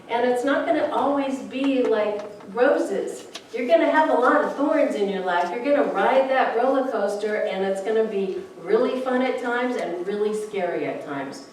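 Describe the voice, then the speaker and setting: A woman's voice: fairly high pitch, normal speed, slight background noise. Chatty woman preaching in an echoey hall. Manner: chatty, animated, acts out little quoted voices. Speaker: minister. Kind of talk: conversational sermon. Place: church hall. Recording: echoey hall, mic from a distance.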